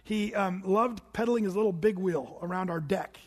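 A middle-aged male pastor with a notably high voice delivers a sermon in a church sanctuary. He tells his story with animated energy, at times climbing to shouts. His voice rings out with a long reverb tail from the hall. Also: normal speed, husky.

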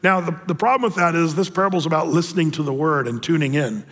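A man with a high voice preaches to his congregation in a casual, chatty way, full of fillers and restarted phrases. He slows right down for the scripture readings. His voice rings out across a church sanctuary with a long reverb. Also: fairly bright tone. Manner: conversational, with many fillers and repeated starts. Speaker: pastor. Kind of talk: sermon.

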